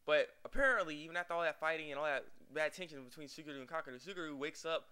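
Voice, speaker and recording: A man's voice: fairly high pitch, racing, bright, forceful tone, smooth. A young man casually recapping an anime episode, rambling and acting out the characters' lines with laughs. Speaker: anime reviewer.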